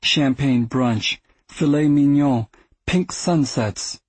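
A man's voice: medium pitch, slow, a little mellow, husky, dry recording. A man voicing a wealthy middle-aged brother who pries and lectures in a chatty, patronizing way, in a storybook reading. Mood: prying.

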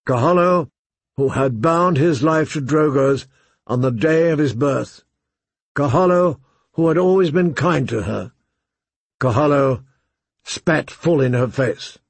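A man narrates an audiobook in a measured, unhurried way. His voice is gravelly and husky. The recording is close and dry. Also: on the high side, no echo. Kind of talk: audiobook reading.

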